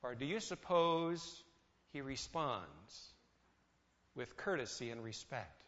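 In a sing-song, medium-pitched, slightly bright voice, a preacher moves slowly through his sermon. He questions his listeners and performs the words of others, the sound dull and echoing with long reverb in a hall.

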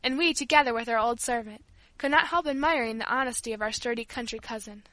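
A woman reading a story aloud in steady, measured narration. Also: on the high side, no echo.

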